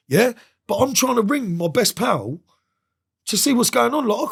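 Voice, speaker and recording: A man's voice: very high-pitched, sing-song, measured pace, vocal fry, breathy edge. A man, a podcast guest telling a story in a casual interview. He talks in a streetwise way, swears freely and acts out the voices of the people he quotes.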